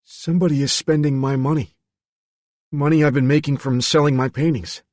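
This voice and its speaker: A man voicing a troubled young man in his twenties, bewildered and soft-spoken, with a hushed, halting manner. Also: a little high, fairly even intonation, no room sound, pitched above the performer's own voice, natural voice. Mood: confused.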